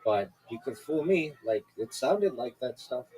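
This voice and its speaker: A man's voice: mid-range voice, lively intonation, a little slow, dark tone, poor audio. A man hosting a podcast over a video call, chatting casually and rambling with many fillers and restarts. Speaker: podcast host. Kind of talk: casual chat.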